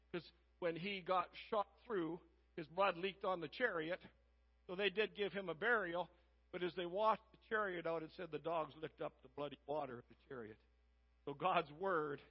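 High-voiced guy preaching, acts out the characters, dull muffled recording. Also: breathy edge. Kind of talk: sermon retelling a Bible story.

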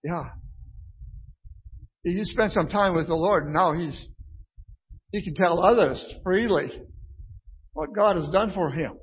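Slow, husky high-voiced male preacher. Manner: conversational, often asks "right?" of the listeners. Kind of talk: informal sermon with scripture reading. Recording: dull lo-fi recording.

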